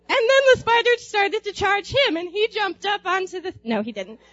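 A young woman telling a personal anecdote aloud in an animated way, laughing often and acting out screams. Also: very high-pitched, no room sound, highs cut off. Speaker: storyteller.

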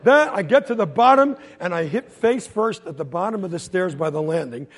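A man preaching a sermon, telling a story in an animated way, acting out voices and sound effects and laughing often. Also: sits high, moderate pace. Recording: long hall reverb.

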